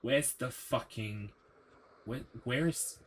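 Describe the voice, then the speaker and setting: Streaming a horror game, a young man gives live commentary, ranting sarcastically and swearing as frustration builds. His medium-pitched voice takes things slowly, with a little hiss or hum in the background.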